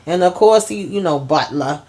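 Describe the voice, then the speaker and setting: A woman's voice: on the low side, animated, moderate pace, warm tone. A woman hosting a casual TV episode recap, retelling scenes in a chatty way and often adding "you know" and "okay?". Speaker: host.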